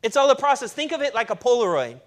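Male pastor, high voice, emphatic preaching, playful asides, church sermon. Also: sing-song, quick pace.

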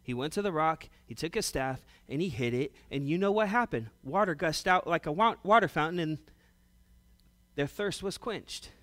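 A man preaching a sermon in a conversational way, moving from loud, animated storytelling to hushed, serious emphasis. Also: fairly high pitch, moderate pace. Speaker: pastor.

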